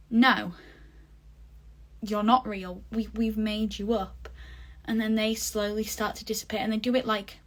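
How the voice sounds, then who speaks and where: A young woman chats through a theatre review for her vlog, gushing and full of fillers. Her voice sits in a middle pitch, and her talk stays loose and unscripted. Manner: chatty, gushing, many fillers. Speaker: vlogger.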